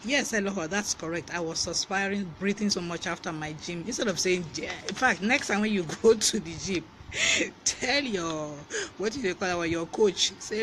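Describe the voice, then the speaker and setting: Speaking at a moderate pace in a high voice, a man from Nigeria with a Nigerian English accent runs a lively, casual vocabulary live stream, laughing a lot and welcoming viewers by name. Background noise can be heard.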